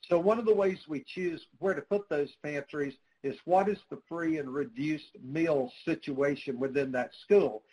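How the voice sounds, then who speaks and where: A man with a slightly higher-than-average voice answers interview questions as a nonprofit spokesperson. He speaks earnestly and tells stories, with lots of "uh" fillers and small restarts. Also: poor audio. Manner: earnest, storytelling, frequent "uh" fillers.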